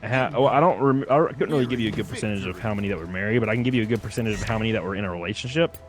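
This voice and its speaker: Fast-talking brash man. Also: lowish voice. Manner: brash, boastful, rapid-fire talker. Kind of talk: casual profane chat. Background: music.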